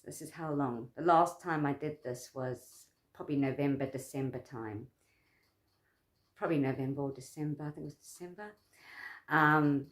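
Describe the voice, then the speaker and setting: A woman's voice: low voice, darkish tone. A woman talking casually to her own camera, earnest and rambling, repeating herself and getting emotional. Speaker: vlogger.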